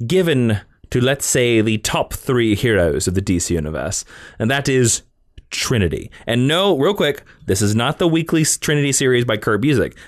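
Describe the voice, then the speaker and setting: A man's voice: medium pitch, no echo, studio quality. A man hosting a casual comic-book podcast, talking with enthusiasm and acting out character quotes. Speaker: podcast host.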